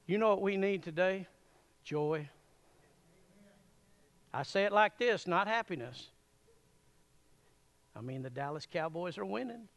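A man preaching a sermon in a church, folksy and animated, chuckling often as he addresses the congregation. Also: sits high, measured pace, long pauses. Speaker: pastor.

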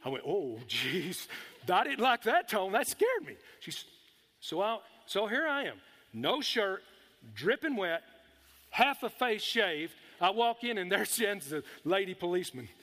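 A middle-aged pastor with a high voice tells a folksy story to his congregation, talking straight to the people in front of him. His tone is bright and forceful. The sound rings with a long reverb from a large church hall. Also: big pitch swings, a little slow. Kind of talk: storytelling sermon. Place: church sanctuary.

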